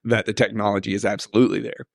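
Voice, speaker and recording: A man's voice: fairly low pitch, flat delivery, rapid-fire, gravelly, no room sound, studio quality. A man with an Oklahoma accent, co-hosting a casual podcast chat in an easygoing way, laying out ideas and agreeing often. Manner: easygoing, frequent short agreements, laughs along. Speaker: podcast co-host.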